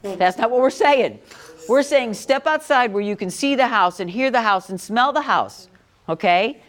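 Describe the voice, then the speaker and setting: A woman's voice: fairly high pitch, animated, normal speed. Middle-aged woman teaching a class, direct, keeps asking the kids questions. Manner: direct, quizzing students. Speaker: parenting educator. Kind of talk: classroom talk.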